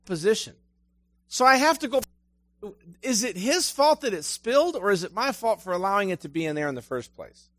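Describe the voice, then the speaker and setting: A man's voice: sits high, sing-song, fairly quick, fairly bright tone, no room sound. Conversational man preaching, dry close sound. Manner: conversational storytelling, asks the listeners questions. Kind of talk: sermon.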